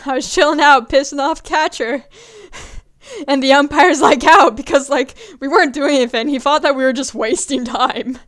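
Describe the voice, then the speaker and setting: A woman's voice: high voice, steady tone, moderate pace, fairly bright tone. A young woman in her early twenties telling casual stories in a chatty way, swearing now and then and acting out what people said. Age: young adult. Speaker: vlogger. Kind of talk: casual storytelling.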